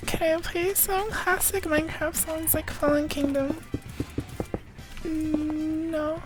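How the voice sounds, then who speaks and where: Young woman streaming games, very high voice, talks slow and rambly, music playing behind. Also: little pitch movement. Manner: rambling, answers chat questions offhand. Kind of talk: casual live-stream chat while gaming. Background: background music playlist.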